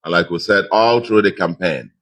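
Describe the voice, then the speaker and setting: A man's voice: sits low, normal speed, a bit bright. A man with a Nigerian accent, a governor giving an emphatic acceptance speech to a crowd and repeating phrases for stress.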